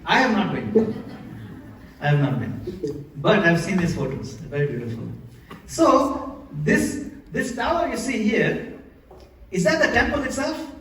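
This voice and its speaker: A man delivers a temple sermon in a high voice, questioning his listeners and demonstrating chants. He sounds distant from the microphone, and the hall around him is heavily reverberant. A faint hiss of room noise lies underneath. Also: sing-song, a little slow, pauses often, a bit bright. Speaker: temple lecturer. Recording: echoey hall, recorded from afar.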